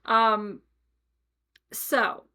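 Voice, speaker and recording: A young adult woman hosting a podcast, telling a personal story in a chatty, animated way with many asides. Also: a little high, drawn-out words, clean tone. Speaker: podcast host. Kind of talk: casual storytelling monologue.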